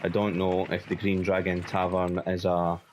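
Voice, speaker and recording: Scottish man, let's play host, low voice, chatty and rambling. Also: monotone, normal speed, slight background noise. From Scotland. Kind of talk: casual game commentary.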